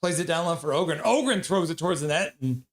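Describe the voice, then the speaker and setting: A man calling a hockey game on a live stream and reading chat messages aloud with excited shouts. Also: a little high, fast talker. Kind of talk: casual live-stream commentary.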